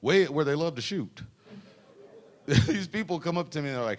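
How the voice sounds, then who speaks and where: Lively-pitched man doing stand-up. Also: normal speed. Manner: joking, teasing the audience. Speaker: stand-up comedian at a birthday party. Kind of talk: stand-up comedy routine. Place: party venue with a live audience.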